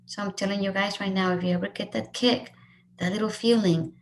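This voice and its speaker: A woman's voice: mid-range voice, fairly even intonation, fairly quick, a little hiss or hum. Middle-aged woman from mexico, earnest heartfelt testimony, voice swells and drops with feeling. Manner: earnest, emotional, voice rising and falling with feeling. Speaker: speaker sharing her story. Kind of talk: emotional personal testimony.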